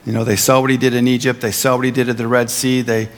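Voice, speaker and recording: A male pastor giving a sermon, earnest and emphatic, slowing down on key phrases and slipping in playful asides. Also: mid-range voice, flat delivery, big-room sound, a little hiss or hum.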